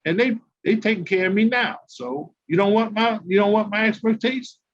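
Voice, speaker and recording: A man's voice: sits high, moderate pace. An older man from New Jersey, a former pro basketball player and coach, telling his grievances as a guest in an emphatic, repetitive, aggrieved way. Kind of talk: heated guest monologue. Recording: dull lo-fi call audio.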